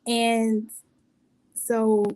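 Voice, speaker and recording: Young woman telling her story, kinda high pitched, animated, does little voices for people. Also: very slow. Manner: animated, acts out quotes with laughs. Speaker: guest. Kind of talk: conversational storytelling.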